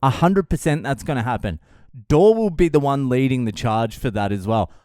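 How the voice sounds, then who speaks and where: A man's voice: mid-range voice, lively intonation, normal speed, darkish tone, no room sound, studio quality. An Australian man hosting a podcast, delivering a profane, exasperated solo rant. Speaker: podcast host.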